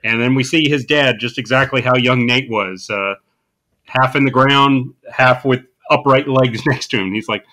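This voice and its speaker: A man co-hosting a podcast, casually recapping a comedy film, laughing often and quoting lines in a deadpan. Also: medium pitch, measured pace. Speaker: podcast co-host. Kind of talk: casual movie-recap chat.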